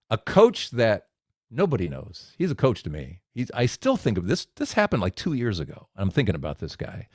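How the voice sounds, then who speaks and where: A man delivering a men's devotional message as a story, his pitch swinging widely as he acts out the scenes. The sound is dry and close, with no room echo. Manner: storytelling, animated with acted quotes.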